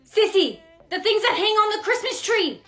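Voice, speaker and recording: A woman's voice: extremely high pitch, big pitch swings, normal speed, fairly bright tone. A woman playing the lead in a comedy skit with dramatic, exaggerated delivery. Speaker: main skit character.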